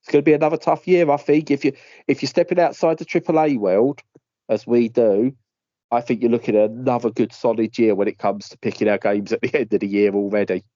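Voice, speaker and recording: Playful male host, quick jokes, dry lo-fi podcast sound. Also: mid-range voice, little pitch movement, dark tone, no room sound. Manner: playful, jokey, jumps into silly voices. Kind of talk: casual chat. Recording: dry, dull lo-fi podcast audio.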